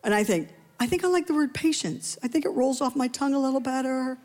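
A woman's voice: expressive, fast, darkish tone. A woman preaching a sermon in a conversational, playful way, often acting out quoted voices. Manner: conversational, playful asides to the congregation; acts out quoted voices with rising pitch.

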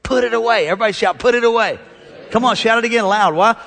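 Animated man preaching in a reverberant hall. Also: high-pitched, racing, creaky. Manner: animated preacher, swinging from loud exhortation to quiet storytelling. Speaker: pastor. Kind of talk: sermon. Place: large church hall with a congregation.

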